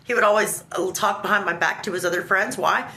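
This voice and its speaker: A woman telling a personal story in an animated, indignant way, acting out the dialogue. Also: mid-range voice, fairly quick, a little hiss or hum. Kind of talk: emotional storytelling. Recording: roomy echo.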